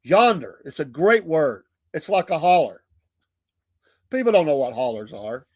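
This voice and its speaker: A man's voice: a little high, sing-song, unhurried, no room sound, studio quality. A Southern American man hosting a morning livestream show, chatty and folksy, laughing often. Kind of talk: casual livestream chat. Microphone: streaming mic.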